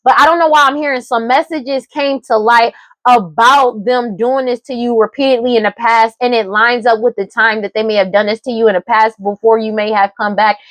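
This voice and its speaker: A woman's voice: a little high, fairly even intonation, a little fast, fairly bright tone, no room sound. A woman giving a casual tarot reading, talking emphatically and repetitively with a lot of profanity and frequent laughs. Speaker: tarot reader.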